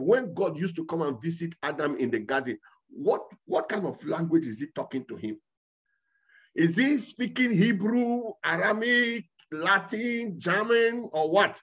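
A man preaching as a pastor, excitable, breaking into loud tongues and laughter. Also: a little high, slightly rough. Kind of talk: sermon with speaking in tongues.

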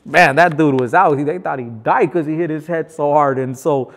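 A man's voice: fairly high pitch, normal speed, in a large hall. A man from Los Angeles, a guest telling prison stories in casual, slangy talk, acting out what others said. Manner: animated, slangy, acts out other people's lines. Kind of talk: casual storytelling.

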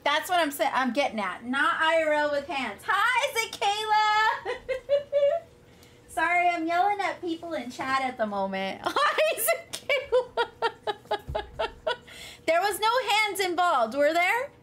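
A woman's voice: high-pitched, big pitch swings, normal speed, few pauses, fairly bright tone. A woman streamer chatting casually with her live chat, laughing often and talking to viewers by name. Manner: giggly, frequent laughter, chatty asides to chat.

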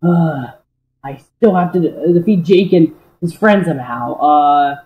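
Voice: medium pitch, a little slow, reverberant, narrow, tinny audio. Rambling amateur cartoon voice-over. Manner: rambling, hesitant, full of fillers. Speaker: creator voicing all characters.

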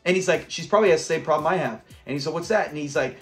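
A man from Southern California casually recapping a sitcom episode, chatty and quick to laugh as he acts out the lines. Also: fairly high pitch, faint music behind. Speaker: host of a sitcom review channel.

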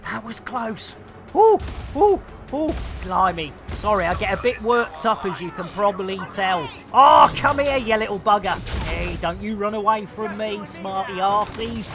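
A man with a Yorkshire accent streaming a game live, excitable, shouting taunts and British slang in bursts. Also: sits high, normal speed, few pauses. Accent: English, Yorkshire. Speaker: gaming streamer. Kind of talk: live gameplay commentary. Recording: game music loud behind.

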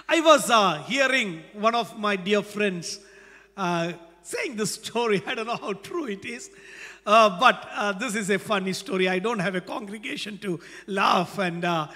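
Male pastor, slow hesitant sermon, high bright voice, long hall reverb. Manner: slow, hesitant, many fillers. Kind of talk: sermon with storytelling. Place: church without congregation.

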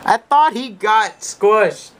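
A slow, drawn-out, bright voice gone hoarse, swinging from lazy commentary to cries of protest. He laughs often at his friends. Faint hiss lies under it. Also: medium pitch, lively intonation. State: losing his voice. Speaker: channel host and player. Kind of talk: gaming commentary.

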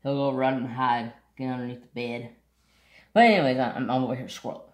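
A man's voice: medium pitch, level tone, brisk, echoey room. A man chatting casually to camera, telling a rambling story and sidetracking often, with blunt, offhand asides. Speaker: craft vlogger.

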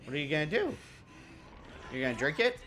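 A man's voice: a little high, sing-song, a little fast, bright, forceful tone, a little hiss or hum. A young man giving casual, joking let's-play commentary, laughing often and mimicking characters. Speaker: gaming commentator.

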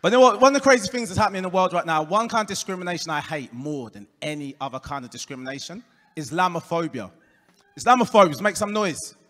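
A man with an Essex accent doing a stand-up comedy set, delivering deadpan punchlines and working the crowd. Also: high voice, fast. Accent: Essex English. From England. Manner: deadpan punchlines, crowd work, puts on voices for quoted people. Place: comedy club stage before a live audience. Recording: live club room with long reverb.

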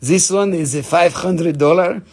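A man's voice: high voice, measured pace, slightly rough, pitched above the performer's own voice, heavily acted. A man voicing a jokey, haggling gem dealer who speaks in broken English with teasing sales patter. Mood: playful haggling.

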